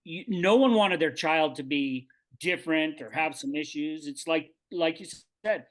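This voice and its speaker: A man's voice: a little high, measured pace, fairly bright tone. A middle-aged man in a casual group talk, speaking reflectively and rambling a little with restarts. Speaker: podcast co-host.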